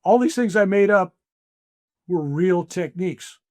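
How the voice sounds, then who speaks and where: A man's voice: high-pitched, a little slow, no room sound, studio quality. An older man, a spiritual teacher, telling stories as a guest in a conversation, acting out the voices he quotes. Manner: animated storyteller, acts out quoted voices. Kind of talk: conversational storytelling.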